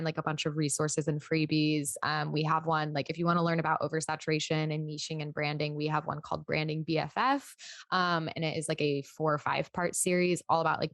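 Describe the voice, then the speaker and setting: A woman's voice: low-pitched, fairly bright tone, no echo, studio quality. A young woman from the United States, a podcast guest and entrepreneur, talking in casual interview chat, emphatic and full of "like". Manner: chatty, emphatic, heavy use of "like".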